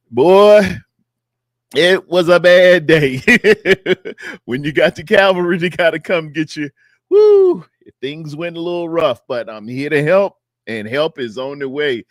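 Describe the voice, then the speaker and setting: A man's voice: a little high, no echo, studio quality. A man hosting a sports fan livestream in a loose, repetitive, chatty way, calling out viewers by name. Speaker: sports show host. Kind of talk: casual livestream chat. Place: home studio in North Carolina.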